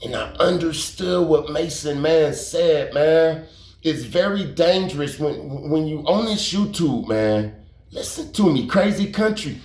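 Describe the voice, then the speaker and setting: Speaking at a measured pace, this man has a slightly high, somewhat mellow voice. He's a YouTube storyteller who rambles casually through a story, repeats himself, and leans on slang and cursing for emphasis, all captured with a roomy echo.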